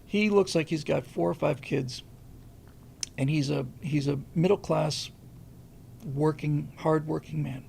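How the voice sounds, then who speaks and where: A man's voice: fairly high pitch, unhurried, creaky, pauses often, darkish tone, slight background noise. A man hosting a show, talking through a casual commentary monologue and telling a story in a rambling way, often restarting and repeating words. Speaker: show host.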